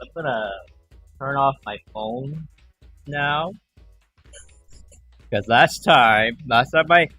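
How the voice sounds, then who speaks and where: This livestream host is a young man whose medium-pitched voice sounds bright and forceful. His chat with viewers is casual and rambling, broken up by moments where he voices callers' words.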